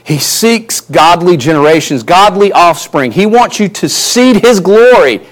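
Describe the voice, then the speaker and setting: A man's voice: sits high, lively intonation, measured pace, few pauses. A male pastor preaching a sermon earnestly, his emphasis rising and falling, often repeating words as he builds a point.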